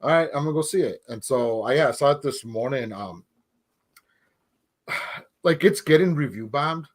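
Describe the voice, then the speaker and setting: A man co-hosting a movie podcast in casual chat, relaxed and rambling with many fillers. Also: medium pitch, moderate pace. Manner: relaxed, rambling, lots of likes and ums. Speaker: podcast co-host.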